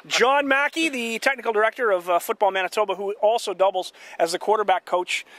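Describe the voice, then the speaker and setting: Quick high-voiced sports host. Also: male voice, a bit bright. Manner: quick, jokey, leading questions. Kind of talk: sports interview. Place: outdoors at a ballpark.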